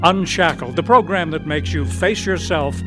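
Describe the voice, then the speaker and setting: A man announcing and narrating a radio drama in a measured, earnest way. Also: a little high, loud music behind the voice.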